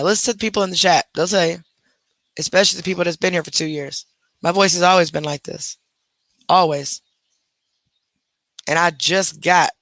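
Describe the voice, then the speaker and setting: A livestream host with a low, slightly bright voice, recorded dry, responds to a critic. She's chatty, defensive, and full of sass.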